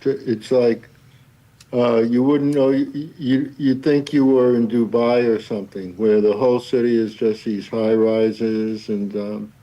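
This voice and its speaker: A man in a casual studio chat telling halting, rambling anecdotes. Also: mid-range voice, steady tone, muffled recording.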